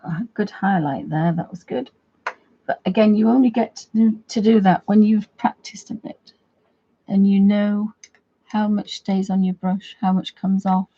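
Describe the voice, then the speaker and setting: Lady chatting away while she colors, warm husky voice, kinda muffled lo-fi sound. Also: medium pitch, fairly even intonation, measured pace. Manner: chatty, rambling, talks while she works. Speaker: craft video host. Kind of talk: casual coloring tutorial chat.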